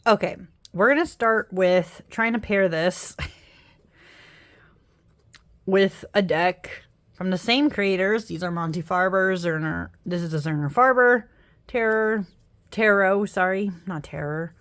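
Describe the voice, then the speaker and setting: A woman's voice: on the low side, slow, fairly bright tone. A young woman chatting casually through a flip-through of tarot and oracle decks, tired after work, rambling, laughing and apologizing as she goes. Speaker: tarot deck reviewer.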